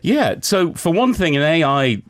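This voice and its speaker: A man's voice: a little high, big pitch swings, measured pace, fairly bright tone. A man hosting a radio book show, explaining a story's plot step by step. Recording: music playing underneath.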